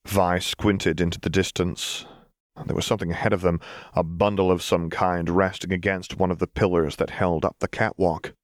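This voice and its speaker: A man reading a fan-fiction story aloud as a steady, measured narrator. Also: low voice, no room sound, clean studio sound. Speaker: audiobook reader. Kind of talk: scripted narration.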